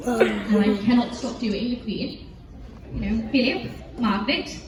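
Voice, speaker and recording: Speaking at a measured pace in a slightly high voice, a teenage English-accented actress answers fan questions as a panel guest. She's chatty and giggly, rambling with many fillers, heard from far off in an echoey, large convention hall with faint noise.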